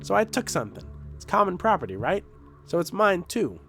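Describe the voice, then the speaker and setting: A man's voice: high voice, sing-song, brisk, gravelly, fairly bright tone, soft background music, pitched above the performer's own voice, heavily acted. A man voicing a cocky young boy in a video game, whiny and evasive as he pleads his case while reading the dialogue aloud. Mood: pleading. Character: cocky young boy, defensive double agent.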